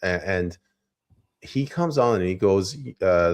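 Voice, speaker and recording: Low-voiced man telling animated stories. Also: moderate pace. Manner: animated storyteller, acts out quotes. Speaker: podcast co-host. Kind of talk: casual political discussion.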